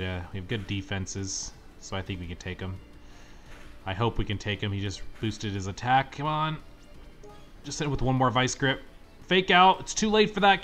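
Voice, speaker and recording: A young man commenting on his gameplay, complaining dramatically and yelling at the game when things go wrong. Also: sits low. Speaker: let's-play gamer. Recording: faint game music behind.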